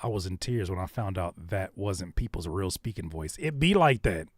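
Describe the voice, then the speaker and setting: A man's voice: low-pitched, animated, moderate pace, no room sound. Laid-back man chatting on a live stream. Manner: laid-back, talks to chat directly. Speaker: host. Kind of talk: casual live-stream chat.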